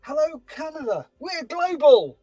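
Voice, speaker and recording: Chatty guy, fairly high voice, telling stories while he works on a model kit. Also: a little slow, no echo, faint music behind, poor audio. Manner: chatty storyteller, animated voices in anecdotes. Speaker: scale-model livestream host. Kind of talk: casual chat while building a model.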